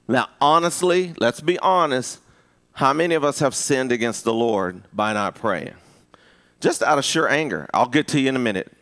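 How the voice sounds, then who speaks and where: Animated man preaching a live sermon. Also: moderate pace. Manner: animated preaching, rising to high emphatic peaks; conversational with repeated restarts and rhetorical asks. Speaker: pastor.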